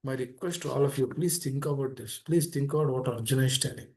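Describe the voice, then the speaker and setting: A man giving a devotional talk to devotees, earnest and pleading, repeating phrases as his voice swings between soft and emphatic. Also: medium pitch, fast talker. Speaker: speaker at a temple meeting. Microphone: online meeting room.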